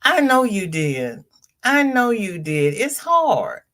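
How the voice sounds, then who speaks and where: An older woman hosts a crochet livestream, chatting casually, reading viewer comments aloud, greeting each viewer by name, and repeating phrases for emphasis. Her medium-pitched voice is sing-song, slow, and fairly bright.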